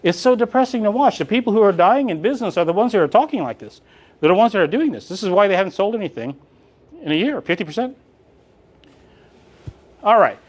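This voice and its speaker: Animated high-voiced man coaching. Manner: animated, joking, calls on audience. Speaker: real estate coach. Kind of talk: live coaching session. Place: room with live audience.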